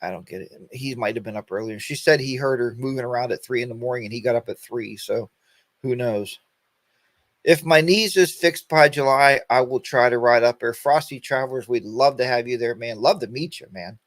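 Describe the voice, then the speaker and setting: A man's voice: mid-range voice, a little fast, a bit bright, dry recording. A man in his fifties hosting a casual weekend livestream chat, rambling in a folksy way and greeting viewers by name. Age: 50s. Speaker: host of a weekend motorcycle chat stream.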